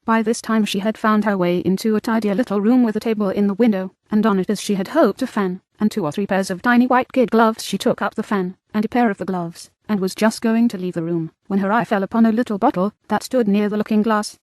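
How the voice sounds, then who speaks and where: A woman's voice: medium pitch, steady tone, fast talker, few pauses, a little mellow, no echo. Woman narrating a classic storybook. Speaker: audiobook narrator. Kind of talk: scripted narration.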